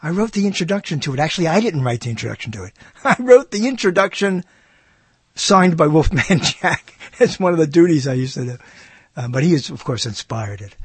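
A male radio host talks in a husky, slightly raised voice. He rambles and mutters, trailing off mid-sentence. The sound is dry and close. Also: fairly high pitch, animated, fairly quick, dry recording. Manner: mutters and trails off while searching. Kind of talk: rambling talk while browsing old recordings.

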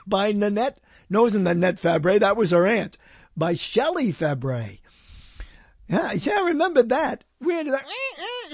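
Husky, lively, rambling solo talker. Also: mid-range voice, dry recording. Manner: digressive, jokey, talks to self, hums and laughs. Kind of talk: rambling monologue reading quotes. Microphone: close microphone.

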